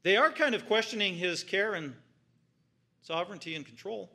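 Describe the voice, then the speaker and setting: A male pastor preaches with animation at a moderate pace, his voice carrying some vocal fry. He repeats phrases for emphasis and moves between loud peaks and hushed, low passages.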